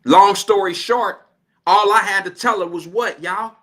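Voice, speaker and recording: An American man with a high, bright and forceful voice hosts a radio show from the studio. He tells a story in an animated, slangy, casual way. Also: a little slow. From Cincinnati, Ohio, USA. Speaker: radio host.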